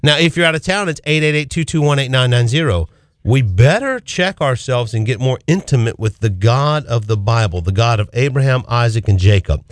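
A man hosting a call-in radio show, preaching with fervent, rapid-fire rhetorical questions from a studio. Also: medium pitch, lively intonation, no echo. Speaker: radio talk show host.

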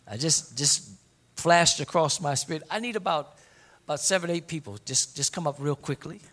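A man preaching a sermon in a fairly high voice. He is emphatic and insistent, circles back to the same lines again and again, and stretches words out when he wants them to land. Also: fairly bright tone. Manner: emphatic preaching, repeats key phrases, slows for emphasis. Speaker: pastor. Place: church service before a congregation.

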